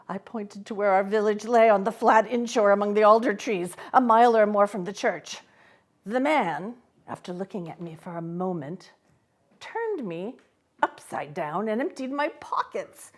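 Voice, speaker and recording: A woman reading a classic novel aloud, telling the story with unhurried expression. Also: medium pitch, lively intonation. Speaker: volunteer reader.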